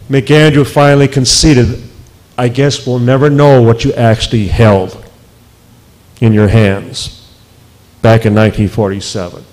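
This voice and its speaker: A man's voice: medium pitch, rough recording. Emphatic man giving a lecture. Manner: emphatic, with deliberate pauses. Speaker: researcher and speaker. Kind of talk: public lecture.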